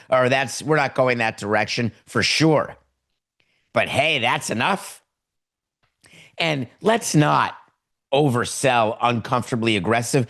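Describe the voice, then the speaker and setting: A man's voice: medium pitch, a little slow, a bit bright. A middle-aged man hosting a sports podcast, giving opinionated commentary with heavy sarcasm and mock dialogue. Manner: sarcastic, acts out mock phone calls. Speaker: podcast host.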